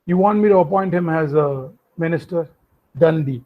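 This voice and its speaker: A man's voice: fairly high pitch, normal speed, lightly acted. A man voicing a king who reassures and placates his wife. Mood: placating. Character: king, indulgent henpecked husband. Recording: dull lo-fi audio.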